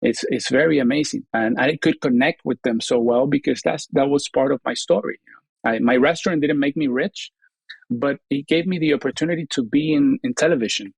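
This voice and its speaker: A man's voice: medium pitch, a little fast, gravelly, husky, dry recording. Guy chatting as a guest chef, earnest, lots of you know, dry close mic. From Venezuela. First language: Spanish. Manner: earnest, repeats words, leans on "you know". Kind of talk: casual interview chat.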